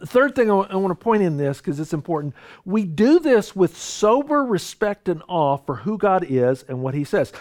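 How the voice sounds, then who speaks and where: A man's voice: sits high, darkish tone. A man preaching a sermon in an earnest, conversational way, often stumbling over and repeating words. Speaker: pastor.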